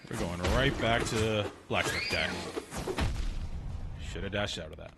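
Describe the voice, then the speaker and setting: Low-voiced man streaming a game. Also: measured pace, vocal fry, over loud music. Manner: chatty, muttering to himself while playing. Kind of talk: casual gameplay commentary.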